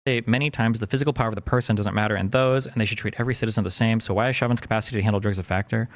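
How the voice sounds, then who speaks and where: A man's voice: lowish voice, fairly even intonation, racing. A man streaming live, answering chat questions in a blunt, profane, exasperated way. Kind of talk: heated live-stream debate.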